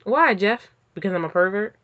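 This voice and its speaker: A woman's voice: medium pitch, expressive, normal speed, fairly bright tone, close to an everyday voice. A woman voicing a sarcastic female starship AI in a dry, teasing way, on slightly dull lo-fi audio.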